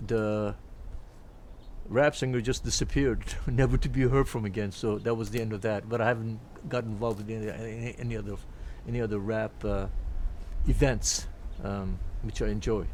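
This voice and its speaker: An older man of around eighty, from Turkey, speaks English. He reminisces about life as a jazz pianist in an easy, storytelling way. His voice sits at an ordinary middle pitch, and he often breaks into little impressions of the people he met. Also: slight background noise. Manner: lively anecdotes, quotes people in put-on voices, frequent restarts.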